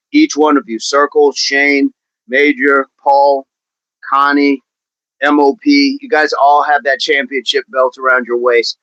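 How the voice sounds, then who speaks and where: A man's voice: medium pitch, fairly bright tone, no room sound. A man coaching fitness on a livestream, talking with viewers in an upbeat, encouraging way and often repeating his phrases. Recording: dull, dry livestream audio.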